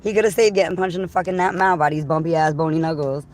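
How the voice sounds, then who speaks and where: A woman's voice: fairly low pitch, level tone, fast, darkish tone, slight background noise. A woman with a Philadelphia accent, hosting a blunt, profane livestream chat from a parked vehicle. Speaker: livestream host.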